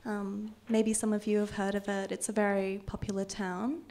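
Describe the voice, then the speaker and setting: A young woman whose first language is Vietnamese, giving a reflective personal talk at an art event, measured and dotted with ums. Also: medium pitch, flat delivery, a little mellow. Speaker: artist giving a public talk.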